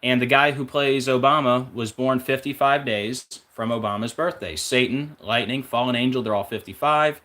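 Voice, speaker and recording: A man's voice: mid-range voice, a bit bright. Male vlog host, mid-range voice, rambling conspiratorial monologue full of fillers. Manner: rapid, listing numbers and links, conspiratorial; off-track, searching aloud with fillers. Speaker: numerology video host.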